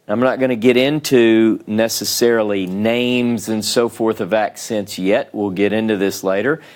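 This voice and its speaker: A man's voice: medium pitch, darkish tone. A man with a Southern US accent teaching a class, explaining step by step and often checking in with "okay?" and "right?". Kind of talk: classroom lecture.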